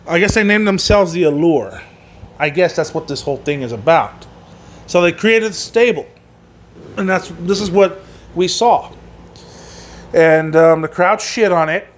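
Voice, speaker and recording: A man's voice: high voice, a little hiss or hum. A man hosting a casual solo wrestling review, rambling and swearing, with many fillers and restarts. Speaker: wrestling podcast host.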